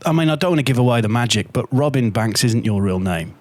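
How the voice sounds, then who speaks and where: A man's voice: mid-range voice, animated, fast talker. Male podcast host with short reactions. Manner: short reactions and plain follow-up questions. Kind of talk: casual interview chat.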